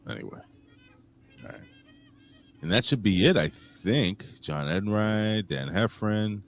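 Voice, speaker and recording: A man's voice: lowish voice, animated, takes it slowly, soft background music. A man hosting a casual wrestling podcast, joking around and calling out names from the live chat. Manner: shouts out chat commenters, jokey, swings loud and quiet. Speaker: podcast host.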